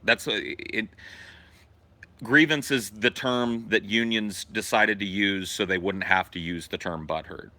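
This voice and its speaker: A man telling a profane story in a casual, animated way as a podcast host. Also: on the low side, a little slow, no echo.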